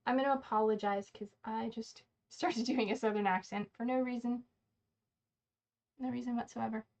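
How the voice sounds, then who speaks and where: A woman with a slightly high voice chats through her makeup routine on a casual livestream. She rambles, trips over words and corrects herself as she goes. The sound is a little dull and lo-fi. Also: steady tone, normal speed, darkish tone. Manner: chatty, rambling, self-correcting. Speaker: beauty livestream host. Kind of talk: casual get-ready-with-me livestream chat.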